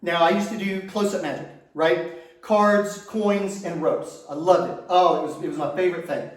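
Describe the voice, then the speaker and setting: A man's voice: high voice, fairly even intonation, normal speed. Man telling crude stories on a club stage. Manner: storytelling with self-amused laughs and crude punchlines. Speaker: stand-up comedian. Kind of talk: stand-up comedy set. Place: comedy stage before a laughing audience. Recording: echoey club room, voice from far off.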